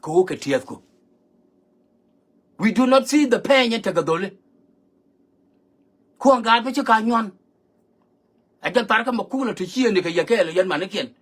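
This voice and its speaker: A man's voice: high voice, animated, normal speed, pauses often, fairly bright tone. A man giving an emphatic, lecturing monologue, switching between languages as he talks. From South Sudan. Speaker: online commentator. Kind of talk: monologue talk mixing languages.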